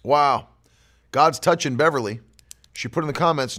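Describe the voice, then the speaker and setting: A man's voice: mid-range voice, lively intonation, fairly quick, fairly bright tone. A man preaching a sermon as pastor, emphatic and driving his points home with repeated declarations.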